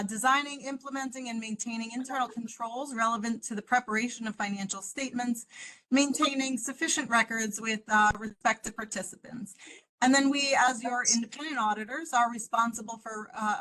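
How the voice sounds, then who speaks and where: Over a video call on a computer mic, a woman auditor walks a board through her report step by step, saying "um" often. Her voice is a little high, bright and forceful, and the recording sounds rough.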